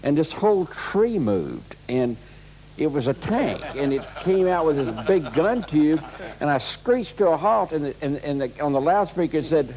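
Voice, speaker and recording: A man shares old stories in an interview, in a voice that sits a bit high. He is animated and chuckles as he acts out what others said, and he keeps the tale moving. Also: moderate pace, rough recording. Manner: animated, laughs while acting out quotes. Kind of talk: anecdotal storytelling.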